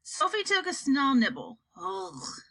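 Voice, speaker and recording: A woman narrating a children's novel in a calm, lowered storytelling voice. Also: moderate pace, dry recording. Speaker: audiobook reader.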